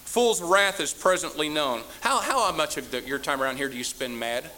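Baptist-style man pastor, high bright voice, fiery scolding sermon, slight tape hiss. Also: moderate pace. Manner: fiery, scolding, rising to shouts.

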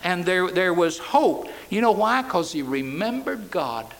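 A man preaching a sermon, swinging between loud cries and hushed, soft words. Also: sits high, lively intonation, measured pace, creaky.

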